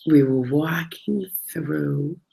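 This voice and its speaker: Gravelly-voiced chatty woman storyteller. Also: low-pitched, drawn-out words, mellow, low-quality recording. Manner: chatty, acts out quoted voices, laughs often. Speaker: travel storyteller. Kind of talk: casual storytelling.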